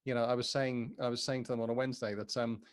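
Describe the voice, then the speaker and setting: A man talks through a Bible passage in an easy conversational way, circling back on his words and affirming his partner often. His voice sits at a middling pitch. The delivery is thoughtful rather than preached. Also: level tone, quick pace, smooth. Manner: thoughtful, agreeable, many restarts and affirming yeahs. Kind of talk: conversational Bible study discussion.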